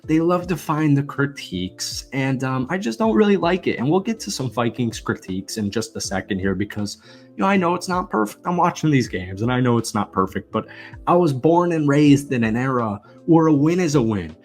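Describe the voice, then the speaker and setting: Energetic man ranting about football. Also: mid-range voice, a little fast, faint music behind. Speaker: football channel host. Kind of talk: sports commentary vlog rant.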